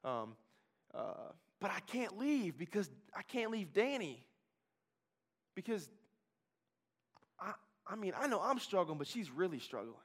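A man from Kentucky telling his recovery story as a personal testimony, emphatic and repetitive, swinging from hushed to loud. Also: sits high, sing-song, measured pace, pauses often. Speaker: speaker sharing a recovery testimony.

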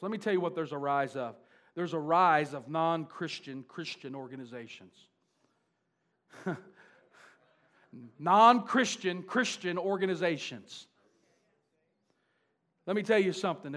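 A man preaching a sermon, swinging from fervent, shouted declarations to quiet asides. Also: sits high.

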